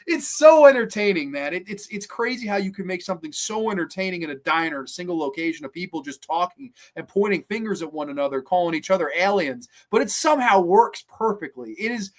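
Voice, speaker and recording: A man's voice: sits high, animated, fairly quick, hardly any pauses. Enthusiastic, cursing male podcast host. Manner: enthusiastic, profane, rambling. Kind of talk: casual episode review.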